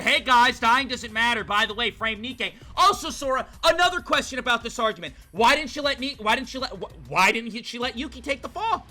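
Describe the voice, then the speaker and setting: A male streamer giving animated, indignant let's-play commentary, swearing as he reacts. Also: very high voice.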